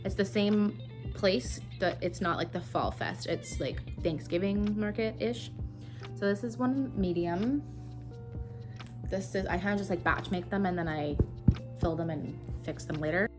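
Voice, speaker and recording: This young Canadian woman, a crochet vlogger, has a medium-pitched voice and a measured pace, with music playing behind her. She rambles chattily with many fillers as she works, filmed on her phone.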